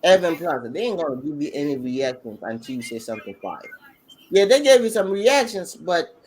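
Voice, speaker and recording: A man co-hosting a podcast, telling the story in an excitable, slangy way, full of restarts. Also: fairly high pitch, fairly quick, a little hiss or hum, poor audio. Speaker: podcast co-host. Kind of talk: casual chat recapping a battle rap event.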